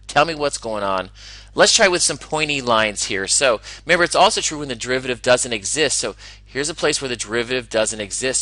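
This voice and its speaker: A man teaching a recorded math lesson, enthusiastic and talking himself through each problem with quick asides. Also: mid-range voice, pushed and bright, no echo, poor audio.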